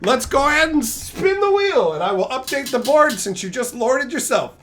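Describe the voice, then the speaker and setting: Male streamer, exasperated storyteller with a very lively, swooping pitch; profane, escalating rants. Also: normal speed, noisy background. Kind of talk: ranting storytelling to a live chat.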